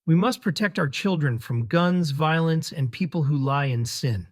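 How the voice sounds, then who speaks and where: A man's voice: fairly high pitch, normal speed, lightly acted. Guy reading a preachy self-serving priest, solemn sermon voice, storybook style.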